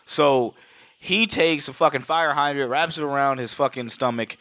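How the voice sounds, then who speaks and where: Bright-voiced, swearing male podcaster. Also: mid-range voice, normal speed, no room sound. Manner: rambling, profane, animated retelling. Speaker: podcast co-host. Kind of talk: casual film recap chat.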